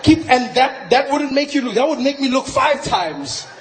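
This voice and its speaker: A South African man doing stand-up comedy, telling a story in an incredulous, animated way on a large theater stage. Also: very high-pitched, normal speed. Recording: roomy venue with crowd noise. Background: audience laughter and noise.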